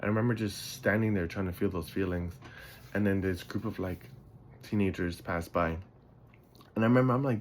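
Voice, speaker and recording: A man's voice: on the low side, brisk, a bit bright. A man from the Bronx, hosting a podcast and rambling casually through stories while yawning and sleepy. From the Bronx, New York. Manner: rambling, loses his thread, swears casually. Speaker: podcast host. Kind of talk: casual storytelling monologue.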